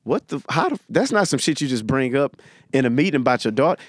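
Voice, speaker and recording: Animated, lively male comedian. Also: medium pitch, no room sound, studio quality. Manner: animated, profane, quick to laugh. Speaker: stand-up comedian, co-host. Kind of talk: casual comedy podcast chat.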